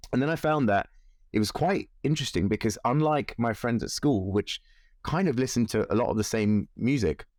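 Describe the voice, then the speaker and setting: A man in his forties, a musician being interviewed, telling animated stories with frequent laughs. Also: fairly low pitch, no room sound, clean studio sound. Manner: animated anecdotes, laughs often, acts out quoted voices. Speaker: musician guest. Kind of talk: casual interview storytelling.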